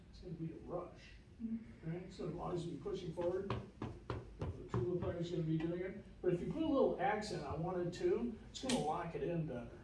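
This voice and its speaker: Male clinician, high voice, scats rhythms, booming echo, mic far away, faint hiss. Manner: scats rhythms aloud to demonstrate. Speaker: music clinician. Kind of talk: coaching feedback to student ensemble. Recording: echoey hall heard from a distance.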